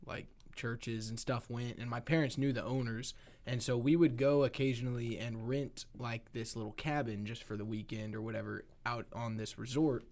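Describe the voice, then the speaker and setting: A man's voice: medium pitch, moderate pace. Man telling a rambling family story. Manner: rambling, animated storyteller acting out family quotes. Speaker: podcast co-host. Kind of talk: casual storytelling chat.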